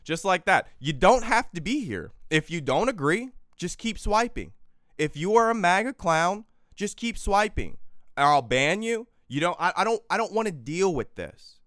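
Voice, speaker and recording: A man hosting a political livestream, tired and exhausted, swinging between quiet weary stretches and loud profane outbursts into a close microphone. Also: high voice, very animated, moderate pace, no echo. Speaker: livestream host. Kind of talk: impassioned political livestream rant.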